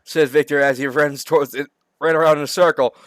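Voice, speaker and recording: A man's voice: fairly high pitch, fairly even intonation, fast, no echo. Incredulous, foul-mouthed young man reading aloud. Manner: incredulous, swearing constantly. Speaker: reader reacting to a comedy book. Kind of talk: reading aloud with comic commentary.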